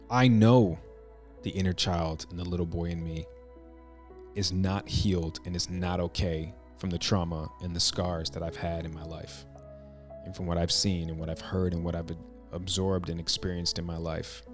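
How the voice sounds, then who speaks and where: A man hosting a podcast, telling a personal story in an earnest, reflective way, halting and restarting his sentences. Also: low-pitched, fairly even intonation, faint music behind. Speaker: podcast host.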